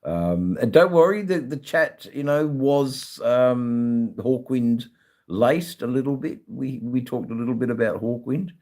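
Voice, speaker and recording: A middle-aged Australian man hosting a casual livestream, chatting with viewers in a halting way, full of ums and repeated words, swearing now and then. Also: medium pitch, a little mellow. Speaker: livestream host.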